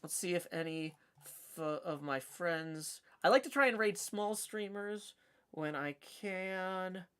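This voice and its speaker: A man's voice: high-pitched, takes it slowly, fairly bright tone, clean tone. Chatty Southern man streaming. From Tennessee. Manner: rambling, chatty, many fillers. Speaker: streamer host. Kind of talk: casual livestream chat.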